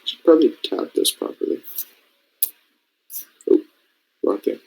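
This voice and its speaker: On a poor-quality recording, a young Canadian man speaks in an unhurried, slightly mellow voice. He's a robotics programming mentor running a casual screen-share coding lesson, thinking aloud and often checking that his listeners are keeping up.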